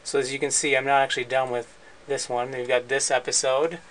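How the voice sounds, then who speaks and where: A man hosting his podcast, casually walking through his recording and editing setup in a relaxed, rambling way with frequent restarts. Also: mid-range voice, a little fast, slight background noise, poor audio. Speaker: podcast host and editor. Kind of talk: casual gear walkthrough.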